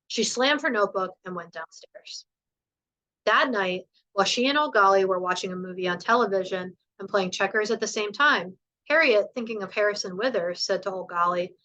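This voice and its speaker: Woman teacher, clear storybook read-aloud, bright and forceful tone. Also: medium pitch, moderate pace, lo-fi sound.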